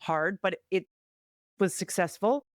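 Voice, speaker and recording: A woman's voice: on the low side, unhurried, dry recording, clean studio sound. A middle-aged woman hosting a podcast, chatting frankly and laughing often. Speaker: podcast host. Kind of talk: casual chat.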